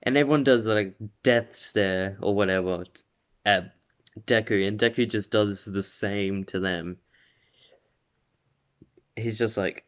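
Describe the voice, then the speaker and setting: Slow, rambling young man retelling a story. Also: lowish voice. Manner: rambling, full of "like" and self-corrections. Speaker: video creator. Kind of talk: casual retelling of a fan story.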